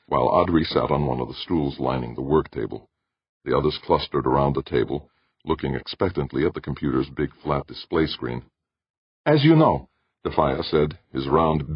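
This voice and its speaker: A man reading science fiction aloud as an audiobook narrator, in measured, expressive storytelling. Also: a bass voice, breathy edge, no room sound. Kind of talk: scripted narration. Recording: dull, dry lo-fi audiobook recording.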